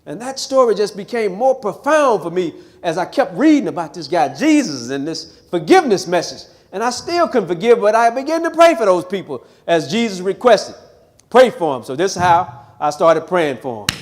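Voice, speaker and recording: A man's voice: sits high, very animated, moderate pace. A man of around sixty from Missouri, a pastor giving a live testimony talk in a chapel with emphatic, preacher-like storytelling. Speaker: pastor telling his life story.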